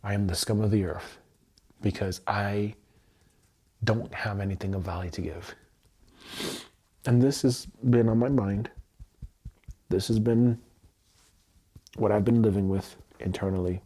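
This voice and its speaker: Intense low-voiced man tapping through emotions. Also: fairly even intonation, unhurried, long pauses, mellow, slightly rough. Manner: intense, repetitive affirmations, swearing. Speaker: self-help livestreamer. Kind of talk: emotional EFT tapping livestream.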